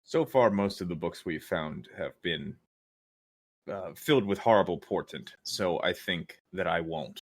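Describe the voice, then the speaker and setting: A man's voice: deep voice, animated, measured pace. A man playing in a tabletop game, chatting in a dry, wry way. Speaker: player. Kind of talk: casual tabletop game chat.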